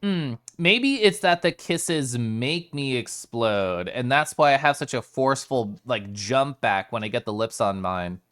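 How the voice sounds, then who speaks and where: A playful streamer in a loose, casual chat with viewers, the pitch swinging widely from low to high. They laugh often and break off to greet people by name. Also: expressive, unhurried, few pauses, a bit bright, clear, resonant tone. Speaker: live streamer.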